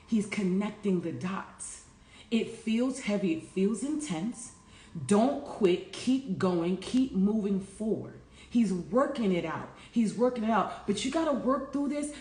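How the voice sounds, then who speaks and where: A woman's voice: on the high side, a little slow, mellow, roomy sound. A woman life coach giving an earnest, preachy morning talk and calling her listeners y'all. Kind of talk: casual inspirational morning talk.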